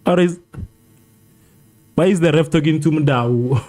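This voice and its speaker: A South African man hosting a live football watchalong, reading viewers' comments and reacting excitedly, often repeating phrases. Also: a little high, measured pace. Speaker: livestream host.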